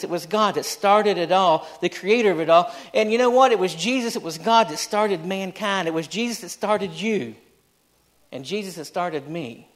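High-voiced man preaching emphatically. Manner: emphatic, repetitive preaching with rhetorical questions. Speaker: pastor. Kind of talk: sermon.

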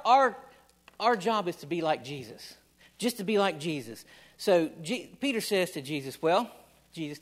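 A male preacher with a high voice delivers an impassioned sermon. He repeats phrases for emphasis, sometimes stumbling on restarts as he presses each point. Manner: impassioned, repetitive, stammers on restarts.

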